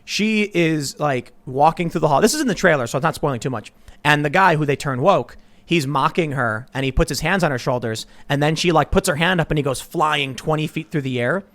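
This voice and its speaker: A man's voice: a little high, brisk. A man hosting a podcast, retelling a movie plot in a casual chat with lots of restarts. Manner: animated retelling with many restarts. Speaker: podcast host.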